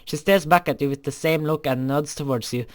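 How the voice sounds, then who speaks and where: A man's voice: fairly high pitch, a little fast. A young man reading a fan story aloud, often stumbling over words and correcting himself.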